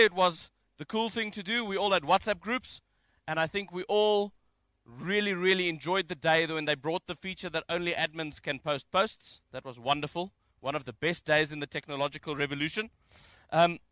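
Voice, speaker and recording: A man giving a conversational sermon from home, reading scripture and mixing in jokes with an animated delivery. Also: sits high, moderate pace, dry recording. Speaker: preacher. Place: home, during isolation.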